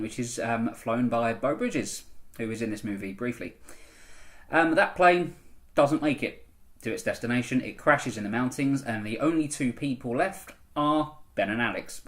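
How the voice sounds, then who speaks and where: A man talking straight to camera in a casual vlog, chatty and rambling, with frequent ums as he reviews a film. His pitch sits in an ordinary middle range.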